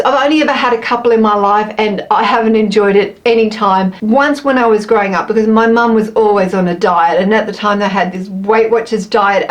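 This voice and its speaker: A woman with a slightly higher pitch talks her way through a snack taste test. She chats freely and thinks out loud as she eats. She pokes fun at herself along the way. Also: low-quality recording. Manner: chatty, self-mocking, thinks aloud while eating. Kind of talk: casual chatty product review.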